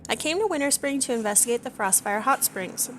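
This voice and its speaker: A woman's voice: fairly high pitch, expressive, fairly quick, slight background noise, natural voice. A woman voicing a kindly female researcher who studies hot springs, reading the quest lines in her plain voice. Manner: read aloud in her own plain voice. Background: game music.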